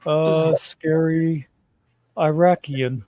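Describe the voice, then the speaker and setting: Man, live chat guest, measured, halting, slightly high, mellow tone. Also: fairly even intonation, no room sound, low-quality recording. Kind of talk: casual live-stream chat.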